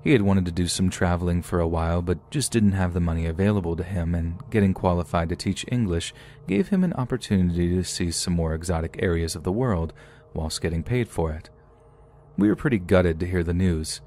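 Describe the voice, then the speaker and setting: Deep-voiced man narrating horror stories. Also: brisk, dark tone, slight background noise. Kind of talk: scripted horror story narration.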